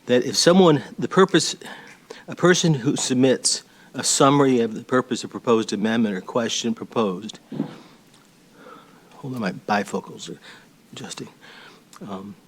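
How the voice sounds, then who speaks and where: A man speaking as an attorney at a public board hearing, halting and pausing between points. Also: medium pitch, husky. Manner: halting, with fillers and pauses while looking up notes. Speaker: attorney for a petition sponsor. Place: public hearing room, speaking into a table microphone.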